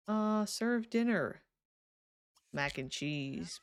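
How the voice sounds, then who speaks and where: A woman's voice: medium pitch, animated, unhurried, no room sound. A young woman streaming a life-sim game, chatting casually and giggling as she talks to her characters, sleepy and yawning. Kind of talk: casual live game commentary.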